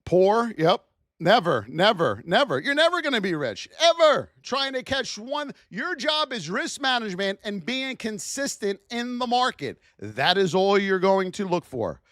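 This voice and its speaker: A man hosting a live trading lesson, firing rhetorical questions at his chat in a high-energy, hype-driven way. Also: big pitch swings, measured pace, a bit bright, no room sound, studio quality. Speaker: trading educator hosting a livestream.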